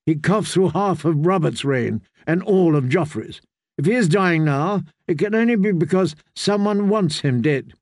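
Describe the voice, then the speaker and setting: A man's voice: a little high, lively intonation, normal speed, a little mellow, no room sound, studio quality. A man voicing a cruel, scornful adult queen who speaks in clipped commands. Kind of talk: audiobook character voice.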